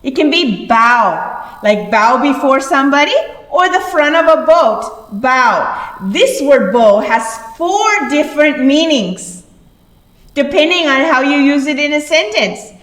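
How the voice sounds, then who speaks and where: A woman's voice: high-pitched, animated, unhurried, fairly bright tone. A woman teaching a class lesson, speaking patiently and repeating words to explain them. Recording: echoey room, voice far from mic.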